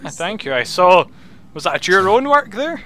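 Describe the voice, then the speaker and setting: A man's voice: high voice, sing-song, moderate pace, bright, forceful tone, voice pushed up, heavily acted. A man voicing a male wizard who commands zombies, speaking formally and overly politely with hesitant phrasing. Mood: gracious.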